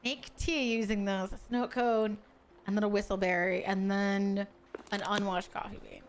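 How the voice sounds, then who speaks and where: A woman's voice: medium pitch, flat delivery, moderate pace, slight background noise. A young woman streaming a game, chatting casually with her viewers, giggly and crude. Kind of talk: casual gaming stream chat.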